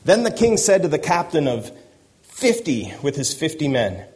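A pastor reads scripture aloud during his sermon, breaking in with joking asides and chuckles. His voice is a little high and darkish in tone, with big pitch swings and a moderate pace.

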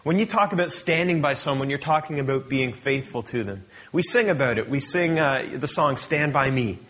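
A man's voice: mid-range voice, animated, normal speed, fairly bright tone. A middle-aged man preaching a sermon, reading scripture aloud and explaining it in a conversational way. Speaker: pastor.

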